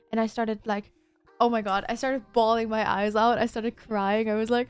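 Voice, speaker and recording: Rambling, high-voiced woman streamer. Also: steady tone, a little fast, clear, resonant tone. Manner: rambling anecdotal storytelling with many "like"s and restarts. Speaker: livestreamer. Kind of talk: casual livestream chat.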